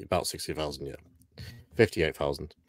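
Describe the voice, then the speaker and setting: A man from the UK co-hosting a casual livestream, matter-of-fact and quick to chuckle. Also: rumbling low, dry recording, clean studio sound. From United Kingdom. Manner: matter-of-fact, chuckles often, light swearing. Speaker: co-host. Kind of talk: casual livestream chat, reading out ratings.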